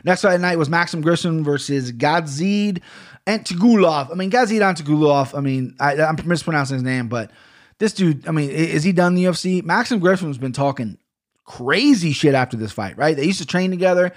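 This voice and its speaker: A man's voice: fairly high pitch, animated, a little fast. A man hosting a casual podcast, talking bluntly and with plenty of swearing as he rambles through a fight recap from a home studio mic. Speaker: podcast host. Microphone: studio microphone.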